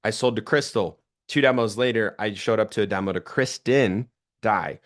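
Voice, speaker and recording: Energetic man giving sales training. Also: lowish voice, normal speed. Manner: energetic, chatty, acts out quoted phone calls. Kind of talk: training talk with acted-out stories.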